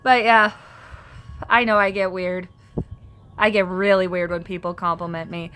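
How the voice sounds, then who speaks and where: A woman's voice: fairly low pitch, steady tone, normal speed, fairly bright tone, a little hiss or hum. A woman hosting a casual live stream from home. She reads viewer comments aloud and answers them, chatty and self-conscious, laughing often.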